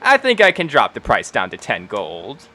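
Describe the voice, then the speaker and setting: A man's voice: fairly low pitch, wildly swooping pitch, normal speed, bright, forceful tone, full character voice. A man voicing a flirty, skinny halfling woman who runs a bathhouse, with a sing-song, fawning way of talking in tabletop role-play. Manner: sing-song, fawning, calls people cutie and darling.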